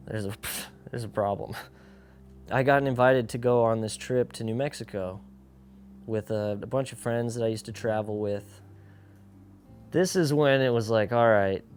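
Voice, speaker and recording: A man's voice: mid-range voice, a little mellow, slight background noise. Casual, slangy young man telling his story. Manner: casual, slangy, full of "like", acts out quoted dialogue. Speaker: pro skateboarder. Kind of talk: candid personal storytelling.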